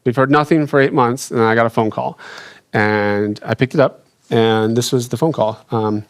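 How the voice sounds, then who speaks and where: A young adult man sharing a personal faith story, earnest and halting, with frequent restarts and fillers. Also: medium pitch, fairly even intonation, no echo, studio quality. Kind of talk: reflective personal testimony.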